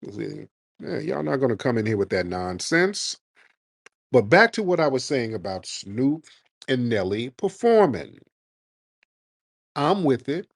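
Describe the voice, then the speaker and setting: A man's voice: mid-range voice, big pitch swings, takes it slowly, creaky, long pauses, no echo. A man hosting a radio-style show with callers, mocking and combative, talking over the caller. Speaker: host taking callers. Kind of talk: heated call-in debate.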